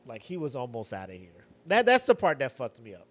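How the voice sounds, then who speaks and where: A man's voice: medium pitch, wildly swooping pitch, brisk, a bit bright, soft background music. A young man co-hosting a podcast, jumping in eagerly and swearing casually. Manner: jumps in eagerly, swears a lot. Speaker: podcast co-host. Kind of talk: casual chat.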